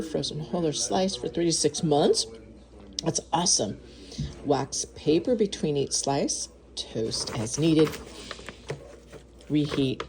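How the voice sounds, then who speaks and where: Woman unboxing baked stuff, gushy, lots of gasps, swoopy voice but slow and mellow. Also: deep voice. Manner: gushing, gasps and moans over food. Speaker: food vlogger. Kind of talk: casual unboxing and tasting. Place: home kitchen.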